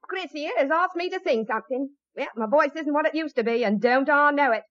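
An actress playing a hearty former music-hall star, on an old radio broadcast. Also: female voice, high voice, fairly quick, fairly bright tone, lo-fi sound. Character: brassy former music-hall queen, middle-aged woman. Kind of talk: 1940s radio acting.

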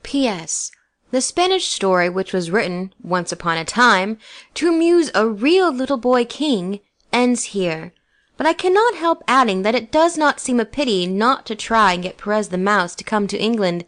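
Gentle woman reading a storybook. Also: a little high, animated, normal speed. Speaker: narrator. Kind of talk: scripted storybook narration.

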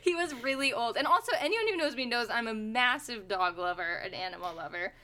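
A woman's voice: on the high side, lively intonation, brisk, heavy background noise. A young woman on a podcast, telling a story in a chatty way, full of "like" and the odd swear word. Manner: chatty, lots of "like" fillers, swearing. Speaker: podcast co-host. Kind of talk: casual chat, storytelling.

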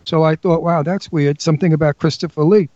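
New york guy cracking crude jokes on a radio show, kinda high voice, dry dull studio sound. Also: steady tone, a little fast, a little mellow, no echo. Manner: brash, teasing, crude banter. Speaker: co-host. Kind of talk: casual radio chat. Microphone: studio mic.

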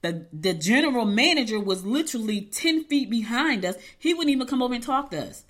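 A woman's voice: on the high side, a little fast. A middle-aged woman, telling a story to her viewers in a casual, emphatic way and acting out what people said. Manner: animated, emphatic, acts out quotes. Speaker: vlogger.

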